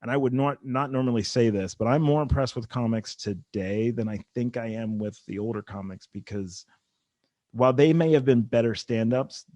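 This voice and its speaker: A man's voice: medium pitch, moderate pace, a little mellow, no echo. A man guesting on a comedy podcast, chatting casually and rambling with many restarts and "like"s.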